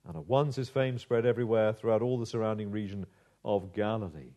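A man preaching a sermon in a dramatic, measured way, slowing down to stress key phrases. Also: medium pitch, dark tone. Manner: dramatic, measured delivery with slowed emphasis.

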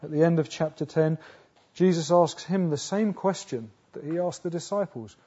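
A man preaching a sermon earnestly, asking rhetorical questions, restarting phrases, rising to loud emphatic peaks and sinking low again. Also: normal speed, few pauses, slightly rough. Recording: dull lo-fi sound.

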